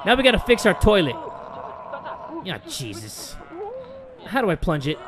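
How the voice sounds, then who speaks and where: A man giving comedic let's-play commentary, excitable and swearing, with loud outbursts. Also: high-pitched, normal speed, background noise. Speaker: gaming video host.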